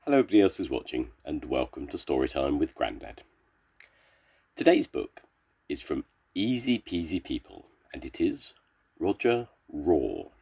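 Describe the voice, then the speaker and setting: Older man reading a kids' story, deep husky voice, lively pitch. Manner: slow, expressive storybook reading. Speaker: storyteller grandfather. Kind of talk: reading a children's story aloud.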